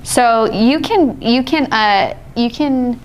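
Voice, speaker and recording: A woman's voice: on the high side, slow, a little hiss or hum. A woman teaching a live watercolor painting class, explaining steps patiently and laughing often. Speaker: art instructor.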